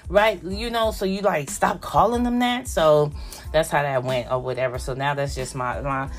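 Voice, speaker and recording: An older woman talks in a loose, rambling way, often slipping into little acted-out voices. Her voice sits on the low side, and faint music plays behind her. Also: normal speed. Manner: chatty, rambling, acts out voices of family. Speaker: vlogger. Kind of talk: casual chat.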